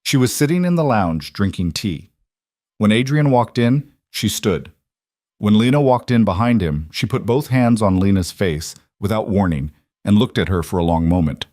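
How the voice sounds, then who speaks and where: A man narrating a scripted romance story in a measured, even way. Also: fairly low pitch, no room sound, studio quality.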